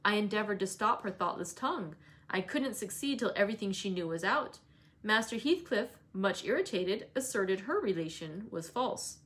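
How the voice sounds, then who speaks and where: A woman reading a novel aloud in a steady, even narration. Her voice sits at a middling pitch, and she pauses now and then to correct herself. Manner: steady, with occasional self-corrections. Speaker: read-aloud reader.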